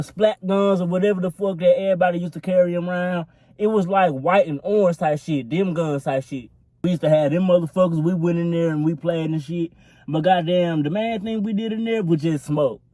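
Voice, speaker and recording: In a dry recording, a young vlogger with a high-sitting but dark-toned voice does a casual storytime into his phone. He rambles, swears, and leans heavily on fillers.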